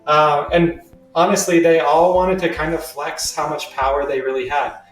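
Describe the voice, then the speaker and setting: A man's voice: a little high, fairly even intonation, moderate pace, distant mic, faint music behind. A young man teaching a history lesson in a casual, slangy, chatty way. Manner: laid-back, slangy, chatty. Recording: roomy sound from away from the mic.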